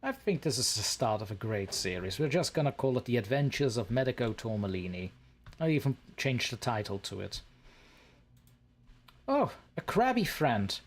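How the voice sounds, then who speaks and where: A man's voice: mid-range voice, lively intonation, a little fast. A man hosting a let's play, joking and sarcastic as he talks to the creatures in the game. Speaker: gaming channel host.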